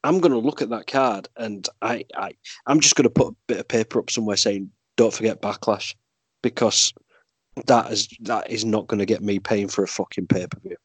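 A man's voice: fairly low pitch, steady tone, brisk, husky, dry recording. A man with a Yorkshire accent chatting on a podcast, rambling and swearing freely as he tells stories. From Yorkshire, England. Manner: rambling, swearing, laughing storyteller. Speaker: podcast guest and movie podcast host. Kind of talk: casual podcast chat.

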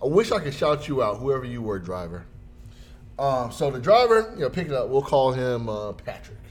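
Animated man telling a story. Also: normal speed. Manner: animated, jumps into high voices for quoted people. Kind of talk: casual storytelling chat.

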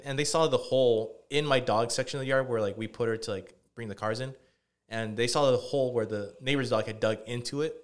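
A man co-hosting a podcast, telling a rambling story in casual chat with lots of fillers and swearing. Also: lowish voice. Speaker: podcast co-host.

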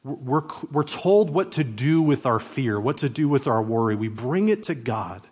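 A man in his thirties, a pastor preaching a sermon in a relaxed, conversational way, with stories from everyday family life. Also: medium pitch, moderate pace, breathy edge. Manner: conversational preaching with parenting anecdotes.

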